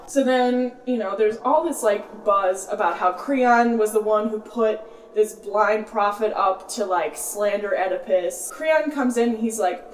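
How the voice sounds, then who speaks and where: A woman's voice: medium pitch, normal speed, far from the mic, a little hiss or hum. A young woman hosting a show, giving a casual, slangy book summary full of "like". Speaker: host. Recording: roomy echo, off-mic, faint music.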